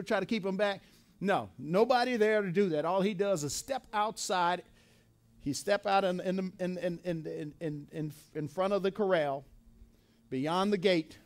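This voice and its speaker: A male preacher giving a sermon in a church, with rhythmic repetition, building to shouted refrains and dropping back low.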